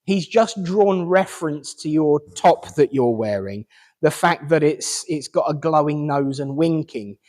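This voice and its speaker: A man's voice: on the high side, lively intonation, a little slow, darkish tone. Man medium in a reverberant hall. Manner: chatty, hesitant, relaying messages with fillers and restarts. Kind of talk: mediumship reading at a service.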